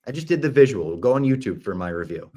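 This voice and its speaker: A man hosting a podcast, chatting casually and enthusiastically, sometimes dropping to a hush for asides. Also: medium pitch, big pitch swings, fast talker, crowd noise. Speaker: podcast host.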